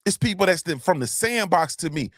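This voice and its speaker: Male host, high voice, emphatic and repetitive, blunt with profanity, dry close sound. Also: lively intonation, brisk, a bit bright, no echo. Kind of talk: motivational live-stream talk.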